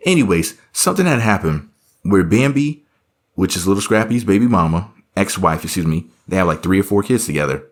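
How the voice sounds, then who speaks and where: A man's voice: low-pitched, animated, fairly quick. A man giving casual reaction commentary, rambling and sarcastic, full of offhand asides.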